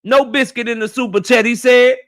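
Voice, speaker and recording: A man, hosting a live stream. He runs through a long list of viewer shout-outs in loose, slangy chat, easy and unhurried. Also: very high-pitched, steady tone. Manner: laid-back, slangy, greets viewers one by one. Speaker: livestream host.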